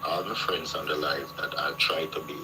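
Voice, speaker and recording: Guy calling in, super deep voice, noisy line, polite. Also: steady tone, moderate pace, sharp tone. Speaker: caller. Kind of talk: casual call-in chat.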